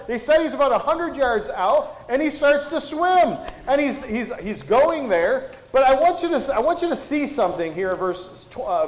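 A man's voice: very high-pitched, echoey room, poor audio. A man preaching a sermon at a church service, folksy and conversational, full of rhetorical questions.

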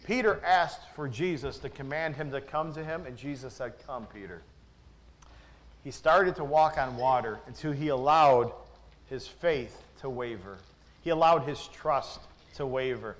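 A man's voice: mid-range voice, normal speed. A man preaching a morning sermon as pastor in a church, emphatic and full of rhetorical questions to the congregation. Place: church with a screen behind him.

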